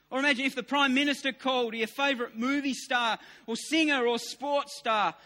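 A man in his fifties preaching a sermon, emphatic and repetitive, sometimes rising to near shouts, in a large hall with long reverb. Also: very high voice, steady tone, normal speed, hardly any pauses.

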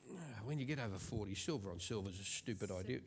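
A man's voice: lowish voice, lively intonation, fast. A man in his forties, preaching a sermon in a chatty, self-mocking storytelling way.

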